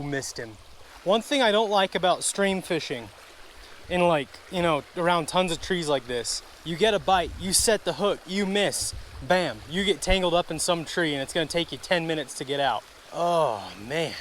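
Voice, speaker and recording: A man's voice: on the high side, lively intonation, moderate pace, a bit bright, a little hiss or hum. A man fishing a wooded stream outdoors, chatting casually to his viewers and grumbling when things go wrong. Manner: chatty, easily frustrated, talks to viewers as folks and guys. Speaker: fishing vlogger. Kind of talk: casual outdoor vlog narration.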